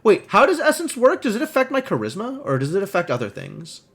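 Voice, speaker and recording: A man's voice: high voice, wildly swooping pitch, fast, fairly bright tone, slightly rough. A man streaming a game, reading its text aloud and adding wry, musing asides.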